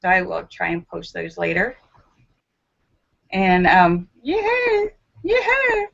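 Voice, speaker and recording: A woman hosting a casual live stream and reading out viewer jokes in a giggly, animated way. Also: fairly low pitch, slow pace, creaky, dull audio. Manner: giggly and animated, breaks into laughter.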